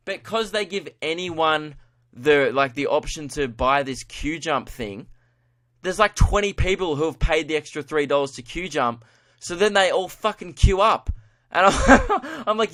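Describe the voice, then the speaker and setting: Laughing Australian man ranting, slightly high. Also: lively intonation, normal speed, a bit bright. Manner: laughing, swearing storyteller, acts out quotes. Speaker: podcast host and comedian. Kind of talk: casual comedic rant. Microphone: podcast mic.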